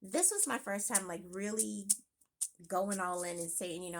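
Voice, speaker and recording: A woman chatting casually in a home makeup vlog, thinking aloud with quick exclamations. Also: medium pitch, expressive, vocal fry. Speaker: beauty vlogger. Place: home room.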